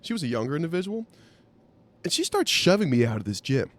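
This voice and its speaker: Male podcast host, swooping lively delivery, wry and salty storyteller. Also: a little high, fast talker. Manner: animated, wry, profane. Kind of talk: storytelling anecdote.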